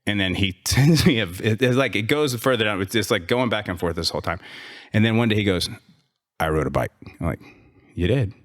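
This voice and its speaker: A man's voice: fairly low pitch, fast talker. A man coaching and running a gym, telling a long story in casual interview talk, rambling and restarting, with sarcastic asides. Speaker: podcast guest, gym owner and coach.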